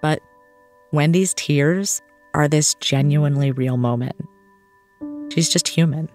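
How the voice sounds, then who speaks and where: A man's voice: fairly high pitch, slow pace, darkish tone, faint music behind. A man hosting a podcast, telling a story in scripted documentary narration with a wry touch. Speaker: podcast host.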